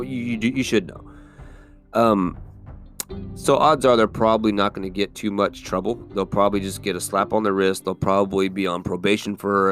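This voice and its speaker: A man hosting a solo podcast, talking casually in a rambling, profane, conversational way with lots of fillers. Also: low-pitched. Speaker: podcast host. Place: California.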